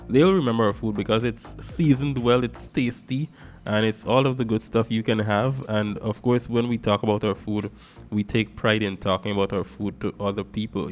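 A lower-voiced man with a Guyanese accent delivers a casual talk-show monologue as its host. He talks in an animated, emphatic way, hitting some words hard and then dropping into quieter asides. A faint music bed plays underneath. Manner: animated, emphatic, swings between loud stresses and soft asides.

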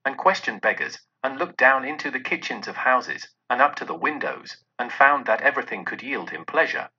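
A man narrating a classic story in a lively, expressive way. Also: mid-range voice, husky, muffled recording.

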